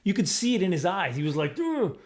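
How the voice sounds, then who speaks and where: A comedian with a high-sitting voice talks quickly and with lively intonation as he tells a rambling, self-mocking story from his childhood. It's a casual storytelling monologue, and he often acts out the voices of the people involved.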